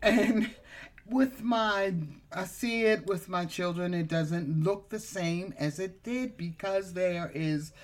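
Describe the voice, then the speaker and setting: A middle-aged woman chatting casually as a podcast co-host, playful, throwing in quick asides. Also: on the low side. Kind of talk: casual chat.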